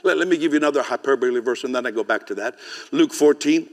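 Conversational pastor preaching in a reverberant church. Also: male voice, medium pitch, fast talker. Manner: conversational, asks the congregation questions, laughs often. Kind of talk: sermon. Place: church sanctuary.

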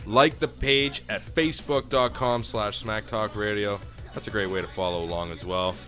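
A man with a bright, forceful voice chats casually as co-host of a wrestling podcast. He is laid-back and slips into an announcer's delivery when he plugs the show, with faint music underneath. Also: fairly low pitch, fairly even intonation, moderate pace.

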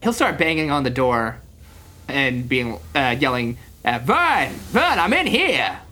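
A man playing a matter-of-fact male robot with a deadpan delivery. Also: medium pitch, measured pace, voice pushed down. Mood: urgent.

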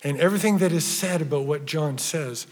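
A man's voice: a little high, fairly quick. Man preaching in a reverberant hall. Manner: emphatic, swings from loud stresses to hushed near-whispers. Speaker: pastor. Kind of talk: sermon.

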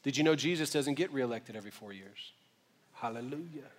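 A male pastor preaching a sermon in a conversational, joking way, dropping to quiet asides and rising to loud emphasis, and slowing down to read scripture. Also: medium pitch, expressive, slight background noise. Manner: slows right down when reading scripture aloud. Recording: long reverb of a large hall.

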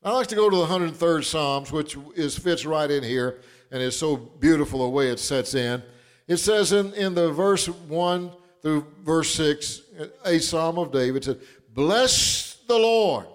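A pastor, telling folksy stories with chuckles and building into fervent preaching. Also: male voice, on the high side, measured pace. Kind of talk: sermon.

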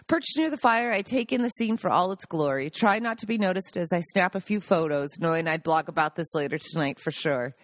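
A woman's voice: medium pitch, a bit bright, dry recording. A woman reading aloud from her own memoir, stopping now and then for personal asides and laughter. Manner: breaks off the reading for emotional asides, laughing and choked up.

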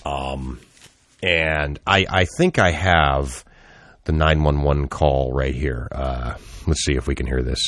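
A man's voice: extremely low pitch, fairly even intonation, slow pace, a bit bright, dry recording. A man co-hosting a casual podcast, telling a news story in a rambling way and acting out the quotes. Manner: rambling, laughing, acts out quotes. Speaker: podcast co-host.

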